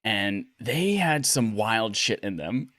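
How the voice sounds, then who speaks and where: A man's voice: fairly low pitch, expressive, slow, a bit bright, no room sound. A man hosting a casual gaming podcast from his living room, joking loosely and swearing freely. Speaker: podcast host.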